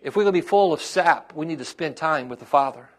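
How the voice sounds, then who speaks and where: A man's voice: a little high, moderate pace. A man, a pastor preaching a sermon to his congregation and calling out to them as his intensity rises.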